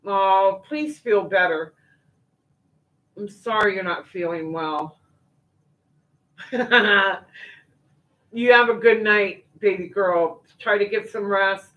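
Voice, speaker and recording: A woman's voice: medium pitch, slow pace, pauses often, fairly bright tone, dull audio. An older woman, chatting casually as the host of a livestream, folksy and full of fillers and asides. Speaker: livestream host reading viewer comments. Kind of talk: casual chat.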